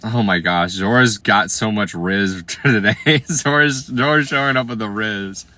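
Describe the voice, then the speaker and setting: A man in his late twenties from Iowa, hosting a casual livestream and riffing on viewer comments. His voice sits a little low but sounds bright and forward, and his talk is playful and slangy, often dropping to quiet asides. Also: measured pace, no room sound. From Iowa, USA. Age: 20s.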